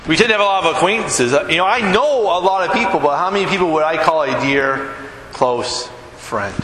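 A middle-aged male pastor speaks in a high, conversational voice, often turning to his congregation for agreement. His sermon carries through a roomy church hall with a long echo and steady background noise. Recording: echoey hall with room noise.

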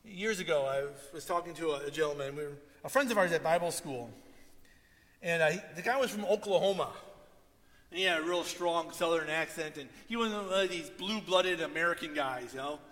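Guy preaching a sermon, bright sharp tone, acts out the quotes, long hall reverb. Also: a little high, a little fast. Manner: animated storytelling, acts out quotes. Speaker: pastor.

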